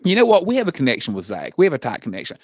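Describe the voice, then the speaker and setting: A man's voice: fairly high pitch, huge pitch swings, very fast, no echo, lo-fi sound. A man co-hosting a podcast in casual chat, swearing freely and telling stories with animation. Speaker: podcast co-host.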